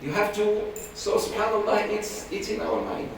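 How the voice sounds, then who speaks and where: A high-pitched man talks at normal speed while teaching a religious class in a relaxed, conversational manner, taking on the voices of figures in his stories. The recording is noisy and distant, with a lot of room echo.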